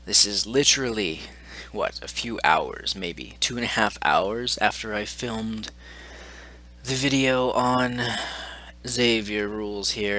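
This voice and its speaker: A man with a bright, sharp-edged voice narrates and reacts to messages he has received. His delivery is sarcastic and mocking, full of exasperated asides, in the manner of a gaming channel host. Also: on the low side.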